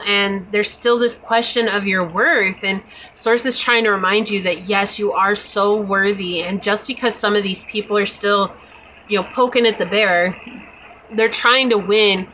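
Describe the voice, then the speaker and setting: A woman's voice: medium pitch, steady tone, moderate pace, bright, forceful tone, slight background noise, rough recording. A woman doing a pick-a-card tarot reading, talking in a chatty, reassuring, spiritual way with many casual fillers. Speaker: tarot reader.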